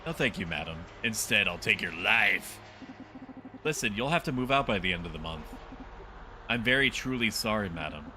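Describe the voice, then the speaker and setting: A man voicing an apologetic young debt collector in a lowered, solemn voice. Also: animated, moderate pace, bright, forceful tone, faint music behind.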